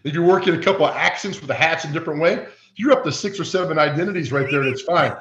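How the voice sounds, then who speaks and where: A man on a podcast as a guest, telling animated stories in casual chat and acting out the voices of the people he quotes. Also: fairly high pitch, quick pace, a little hiss or hum. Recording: echoey, dull lo-fi.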